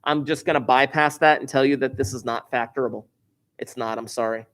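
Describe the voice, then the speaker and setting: A man's voice: medium pitch, steady tone, a little fast, fairly bright tone. A man teaching a math lesson to a class, explaining step by step with wry, joking asides.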